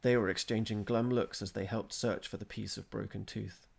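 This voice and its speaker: A man reading a chapter of a story aloud at a steady, measured pace. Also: fairly low pitch, gravelly, slightly rough. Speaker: narrator.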